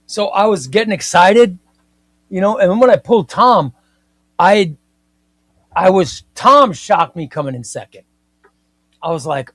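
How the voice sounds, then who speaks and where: Male live-stream host, chatty and playful, slightly higher voice, dry close sound. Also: moderate pace, long pauses, dry recording. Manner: playful, mock-indignant, chatty and excitable. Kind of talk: casual live-stream chat reading viewer comments.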